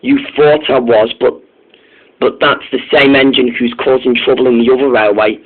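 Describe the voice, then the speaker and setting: Helpful male diesel engine, earnest and pleading, husky voice, by a man. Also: medium pitch, fairly even intonation, moderate pace, natural voice. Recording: tinny phone-like sound.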